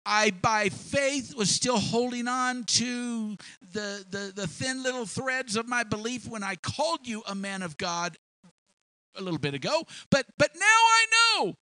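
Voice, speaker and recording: A man's voice: high-pitched, pushed and bright, no room sound, voice pushed up, heavily acted. A man voicing a widowed mother who declares her renewed faith with fervent emphasis. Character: distraught widowed mother, newly convinced.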